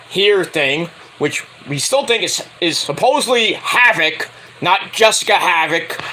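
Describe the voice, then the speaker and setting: A man giving a rambling, casual spoken review of a wrestling show, excitable and swearing freely. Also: high-pitched, a little hiss or hum, rough recording.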